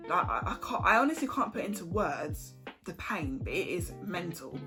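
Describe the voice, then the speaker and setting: A woman's voice: on the low side, sing-song, normal speed. A young woman telling her story in a frank, chatty way, swearing casually. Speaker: vlogger. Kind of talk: candid storytime chat. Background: background music.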